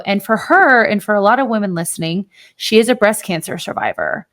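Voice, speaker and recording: A woman's voice: mid-range voice, expressive, fairly quick, few pauses, a bit bright. Chatty, emphatic woman podcast host. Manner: chatty, emphatic, swears casually. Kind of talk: casual podcast chat.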